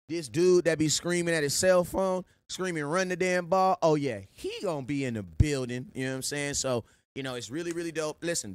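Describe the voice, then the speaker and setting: A man hosting a sports live stream, giving loud, slangy shout-outs to viewers in casual chat. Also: medium pitch. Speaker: sports show host.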